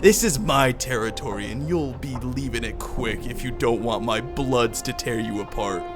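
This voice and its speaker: A man's voice: medium pitch, moderate pace, music in the background, close to an everyday voice. A man reading the lines of a hotheaded male street thug who threatens and blusters. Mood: threatening.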